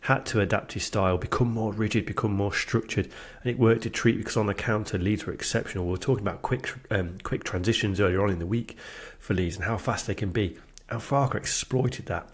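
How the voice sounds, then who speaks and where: A man's voice: fairly low pitch, a little fast, few pauses, breathy edge. A man from England co-hosting a casual football podcast, talking in a wry, playful, mock-indignant way. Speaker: podcast co-host.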